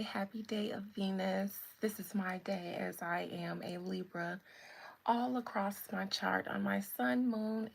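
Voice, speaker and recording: Woman livestream host, relaxed and chatty; husky, unhurried. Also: mid-range voice. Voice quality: relaxed, greets viewers by name. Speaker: host of a live spiritual chat stream. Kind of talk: casual live-stream chat.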